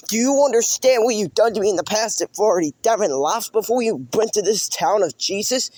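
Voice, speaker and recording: A man's voice: high voice, expressive, fairly quick, darkish tone. A man delivering a rambling, profane improvised roast, repeating himself and taunting. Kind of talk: improvised insult rant.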